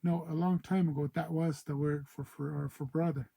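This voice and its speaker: A man teaching native words in an informal spoken lesson, repeating each word slowly and thinking aloud as he explains. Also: a little high, fairly even intonation, gravelly, warm tone, rough recording. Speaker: O'odham language teacher.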